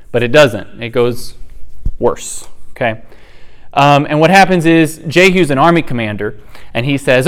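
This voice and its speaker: A man's voice: fairly high pitch, clean tone. A man hosting a podcast who retells Bible stories in a casual, humorous, chatty way. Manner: humorous, chatty, acts out the characters' lines. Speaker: podcast host teaching the Bible.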